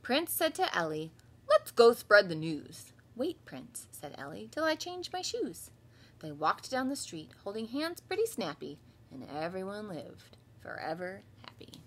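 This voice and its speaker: A woman in her thirties teaches kindergarten from home, reading a picture book to children and then running through letter sounds. Her voice is bright and fairly high, swooping animatedly through the story. There is a slight breathy edge to it. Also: a little slow. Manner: lively storytelling with voiced characters. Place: home, livestreamed class.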